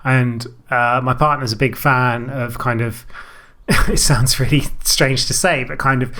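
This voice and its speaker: Male co-host, enthusiastic film buff, mid pitch. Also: fairly even intonation, unhurried, bright, forceful tone. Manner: enthusiastic, informative. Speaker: podcast co-host. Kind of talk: casual chat.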